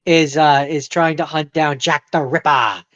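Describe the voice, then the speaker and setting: A podcast co-host in casual chat, hesitant and filling pauses with ums. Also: medium pitch, steady tone, a bit bright, no room sound. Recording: dull dry sound.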